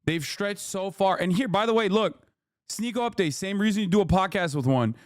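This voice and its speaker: Profane ranting streamer man, high voice. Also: fairly quick, no room sound, clean studio sound. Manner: profane, shouting, mocking. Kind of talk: heated reaction rant.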